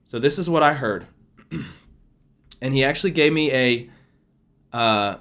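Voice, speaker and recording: A man delivering a sermon in an earnest, prayerful tone. He speaks to his listeners as y'all, sharing what he feels he has heard. When he explains a verse, he slows down and leans hard on the words that matter. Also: medium pitch, a bit bright. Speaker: preacher sharing a prophetic word. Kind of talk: spontaneous sermon and scripture reading.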